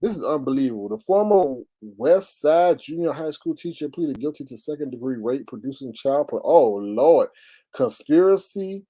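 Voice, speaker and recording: A man's voice: medium pitch, expressive, normal speed, warm tone. A man hosting a casual livestream, exclaiming, sighing and greeting his chat viewers. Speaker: livestream host.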